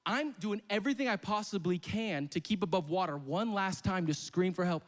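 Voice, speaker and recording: High-voiced young man preaching in a hall. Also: brisk, hardly any pauses. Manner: animated and comic, shouting at peaks. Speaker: pastor. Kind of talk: sermon storytelling. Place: church hall. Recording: long hall reverb.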